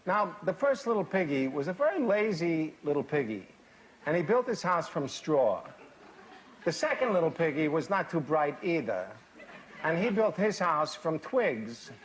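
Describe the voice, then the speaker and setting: A man giving a comic fairy-tale reading to a live audience, deadpan, with odd pauses and dry asides. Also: on the high side, slight background noise. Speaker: storyteller. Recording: live stage reading, loud audience laughter.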